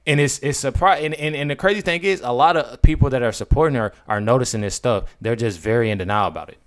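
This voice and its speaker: A man's voice: mid-range voice, fast. A man doing casual commentary for his vlog, rambling and repeating himself as he talks to his viewers. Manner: rambling, repetitive, addresses viewers as y'all. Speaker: political commentary vlogger.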